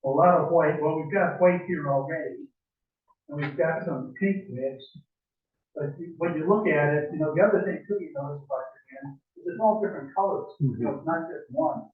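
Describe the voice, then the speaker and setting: A man's voice: fairly high pitch, a little fast. An older man giving an informal demonstration to a woodworking club, rambling with many fillers and chuckles. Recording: echoey room, far from mic, phone-like.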